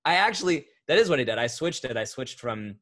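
A man in his thirties talking casually as an interview guest, rambling and correcting himself, getting animated when he tells a story. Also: medium pitch, brisk. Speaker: voice actor guest. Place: home recording setup, remote interview.

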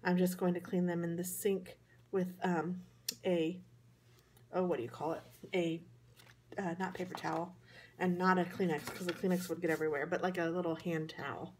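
A woman's voice: lowish voice, flat delivery, normal speed, noisy background. Chatty Midwestern woman crafting in a hotel. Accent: Midwestern American. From American Midwest. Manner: chatty, rambling, self-deprecating. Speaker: craft vlogger. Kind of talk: casual crafting tutorial. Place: hotel room.

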